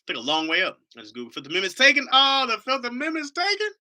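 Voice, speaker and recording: A man from Ohio hosts a casual live stream, rambling from one thought to the next with jokes and loose swearing. His voice is very bright and forceful, and his pitch swings in a lively way. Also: fast. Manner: rambling, joking, swears freely.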